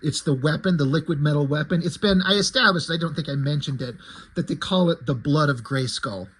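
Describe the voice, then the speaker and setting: Husky man recapping his comic. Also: a little high, brisk, fairly bright tone, rough recording. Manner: loose, rambling with fillers. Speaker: comic creator. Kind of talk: casual story recap.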